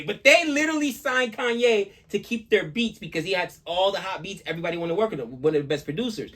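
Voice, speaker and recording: A man co-hosting a music reaction show, talking casually in an animated, rambling way. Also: high voice. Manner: animated, talkative, quick asides. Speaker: reaction channel co-host. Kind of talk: casual chat.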